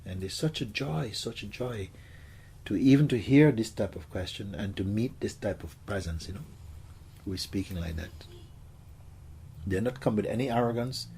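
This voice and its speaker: A man, a spiritual teacher, gently telling stories and answering questions for a gathering in a soft, hushed way. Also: fairly low pitch, normal speed, gravelly, slight background noise. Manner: soft-spoken, gentle storytelling, often drops to a hush.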